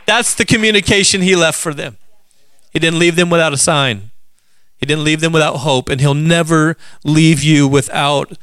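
A man preaching an Easter sermon, calling out questions to the congregation and rising to shouts. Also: a little high, normal speed, clear, resonant tone, no room sound.

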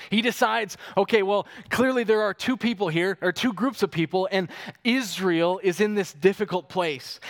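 High-voiced man preaching a sermon. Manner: expository preaching, reading scripture aloud with commentary; animated when retelling, with chuckles and fillers.

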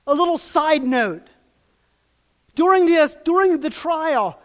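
A man delivers a sermon in a high voice. He swings from loud, emphatic peaks to hushed, quiet passages. He acts out quoted lines and puts questions to his listeners. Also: animated, takes it slowly, long pauses. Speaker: preacher.

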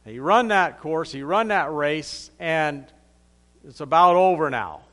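A man's voice: fairly high pitch, expressive, slow pace, bright, forceful tone. A man preaching a sermon in a conversational, plain-spoken way, reading scripture aloud and then explaining it.

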